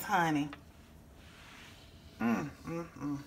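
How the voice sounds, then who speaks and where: A woman's voice: lowish voice, moderate pace, fairly bright tone, slight background noise. A woman hosting a home cooking vlog in her kitchen, folksy and exclaiming, calling her viewers honey and baby. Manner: exclaims and hums over the food. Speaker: cooking show host.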